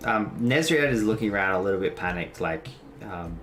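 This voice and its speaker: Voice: sits low, lively intonation, fairly quick, a bit bright, faint music behind. A game master narrating a tabletop game, hesitant and full of ums.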